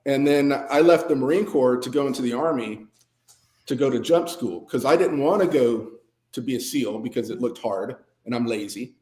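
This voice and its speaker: A man's voice: mid-range voice, moderate pace, warm tone. A man, a veteran and guest musician, telling stories in a laid-back, rambling, self-deprecating way with many fillers. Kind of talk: casual storytelling interview. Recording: roomy echo.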